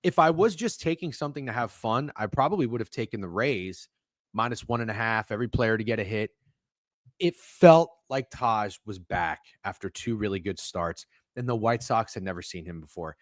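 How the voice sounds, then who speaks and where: A man's voice: on the low side, expressive, normal speed, no room sound, studio quality. A man hosting a sports betting podcast, talking in casual, profane, defensive banter. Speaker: podcast host.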